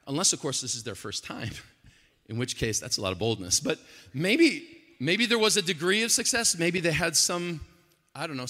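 A male preacher gives an animated sermon. He sounds bright and forceful, and his pitch leaps around. A long reverb rings through the large hall. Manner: animated, swings from quiet to loud.

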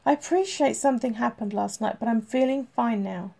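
A woman's voice: fairly high pitch, a little fast, vocal fry, warm tone. A woman voicing a stubborn, frustrated male police detective stuck in a hospital bed, pushing back in a raised voice in an audiobook reading. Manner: defensive, raised and pushy.

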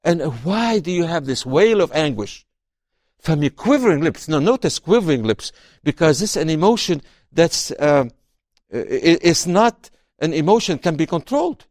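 This interview features a man, the book's author, whose slightly high voice moves at a moderate pace as he discusses his work and reads excerpts. Expressive, he tends to repeat words when beginning sentences. There's no echo, and the audio is studio quality.

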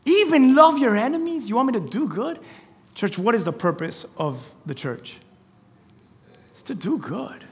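A man preaching a lively, conversational sermon as pastor, acting out quoted lines and laughing along the way. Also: sits high, a little slow, pauses often. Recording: church hall with long reverb.

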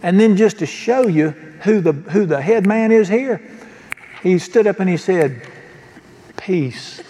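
Guy preaching, folksy and jokey, kinda high voice, long church reverb. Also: normal speed, warm tone. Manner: folksy, joking preacher who asks the congregation questions. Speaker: pastor. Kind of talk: sermon. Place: church sanctuary.

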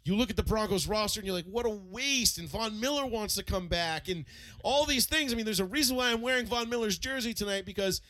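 A man in casual sports chat, telling stories with animated swearing and many restarts. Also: high-pitched, quick pace. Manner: animated, profane storytelling with lots of restarts.

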